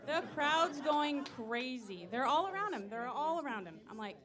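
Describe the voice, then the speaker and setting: A woman's voice: high-pitched, moderate pace, a crowd in the background. A woman in her thirties telling self-deprecating stories in a stand-up comedy set. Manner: self-deprecating, animated storytelling. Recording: live room with audience laughter.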